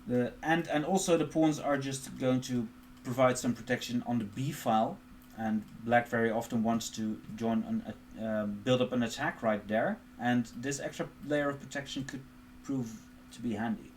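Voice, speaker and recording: A man's voice: mid-range voice, fairly even intonation, moderate pace, darkish tone, slight background noise. A man streaming chess, thinking aloud as he explains positions and moves, with dry self-mocking asides. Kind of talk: live chess commentary. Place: home streaming setup.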